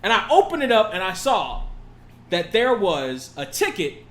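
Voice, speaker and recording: High-voiced man telling a story. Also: sing-song, normal speed, a bit bright, reverberant, a little hiss or hum. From California. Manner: laid-back storytelling, laughing, swearing. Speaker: podcast co-host. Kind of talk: casual chat.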